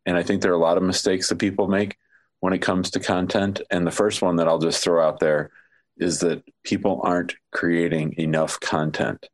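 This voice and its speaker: A man's voice: low voice, level tone, moderate pace. A man with a nasal voice and a slight lisp that makes his S sounds whistle, talking plainly and reassuringly as a podcast co-host. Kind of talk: casual podcast chat.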